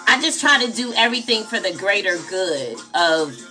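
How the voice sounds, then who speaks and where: A woman's voice: mid-range voice, sing-song, moderate pace, sharp tone, faint music behind. A woman hosting a casual late-night livestream, chatty and talking straight to her viewers as y'all. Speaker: livestream host.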